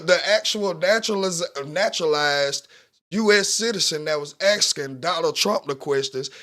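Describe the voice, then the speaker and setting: A man's voice: high voice, pushed and bright. A man co-hosting a podcast, arguing bluntly and mockingly in a heated, profane casual chat. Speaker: podcast co-host.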